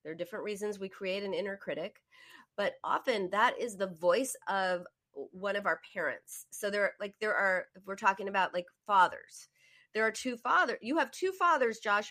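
Brief: woman host, therapist, bright voice, lively explainer and storyteller. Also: medium pitch, fairly quick. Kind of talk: conversational coaching talk.

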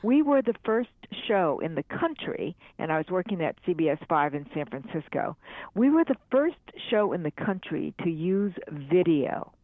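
A woman's voice: on the low side, big pitch swings, normal speed, dry recording. An older woman chatting as a podcast guest, upbeat and talkative, with frequent laughs. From United States. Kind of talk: casual interview chat. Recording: tinny phone line.

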